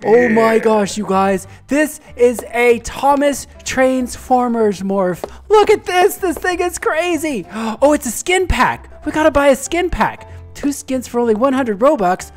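A woman hosting a gaming video, giving excited gameplay commentary with gasps, squeals and playful sound effects. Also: a little high, a little slow, few pauses, faint music behind.

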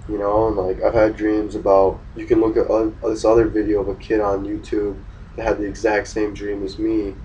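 A man's voice: lowish voice, monotone, normal speed, mellow, dull audio, a little hiss or hum. A young man telling a personal religious experience in a rambling, hesitant way, full of fillers. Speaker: vlogger sharing a religious testimony. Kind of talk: casual spoken testimony. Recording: voice distant from the mic.

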